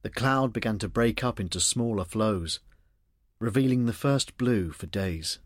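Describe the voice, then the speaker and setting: A man reading a novel aloud as an audiobook narrator, expressive and shifting his voice for the dialogue. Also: fairly low pitch, measured pace, no room sound, clean studio sound.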